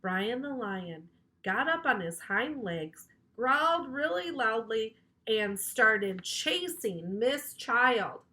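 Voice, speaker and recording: Playful, bright children's librarian reading aloud. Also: female voice, fairly high pitch, slow pace. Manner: animated, playful, teasing. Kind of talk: children's storybook read-aloud.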